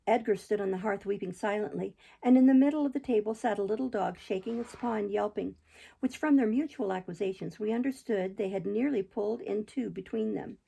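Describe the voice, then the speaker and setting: Gravelly, husky woman reading a novel aloud. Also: medium pitch, a little fast. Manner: steady storytelling read with small slips. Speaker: reader.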